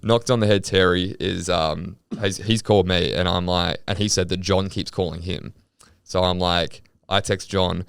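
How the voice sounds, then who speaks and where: Deep-voiced man telling a story. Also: moderate pace, gravelly, clear, resonant tone, no room sound. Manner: animated retelling, acts out quoted exchanges, swears freely. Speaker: podcast co-host. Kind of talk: casual storytelling chat.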